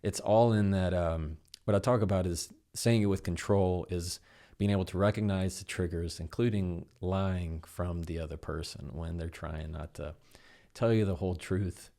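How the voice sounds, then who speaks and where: A man's voice: sits low, moderate pace, vocal fry. A man, a podcast guest, explaining how to handle difficult conversations and acting out bits of dialogue as he goes. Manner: animated, acts out dialogue in quoted voices. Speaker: guest, communication expert. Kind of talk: conversational explanation with acted examples.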